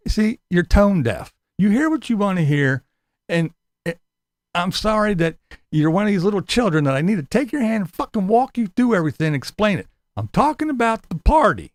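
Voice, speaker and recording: Combative male vlogger, high lively voice, dry close sound, foul-mouthed. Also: a little fast, no room sound. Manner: profane, sarcastic, combative. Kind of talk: ranting monologue to camera.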